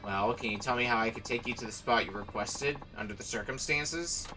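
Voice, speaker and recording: A man reading out the lines of a calm, polite male taxi driver in a video game, patient and apologetic. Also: mid-range voice, a little fast, recorded from a distance, music in the background, lightly acted.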